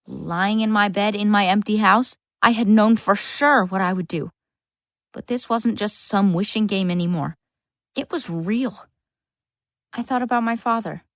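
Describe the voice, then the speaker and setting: A woman's voice: mid-range voice, measured pace, no echo, studio quality, natural voice. A woman narrating a full-cast audiobook as a lonely, bookish boy, earnest with wry asides. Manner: earnest first-person storytelling, wry asides.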